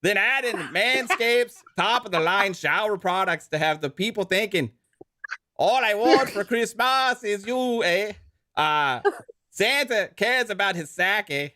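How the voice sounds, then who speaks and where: A man's voice: lively intonation, unhurried, dry recording, studio quality, exaggerated voice. Man putting on a hammy Canadian ad voice. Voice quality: exaggerated Canadian accent ending lines with 'eh'. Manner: joking, playful, slightly higher and louder.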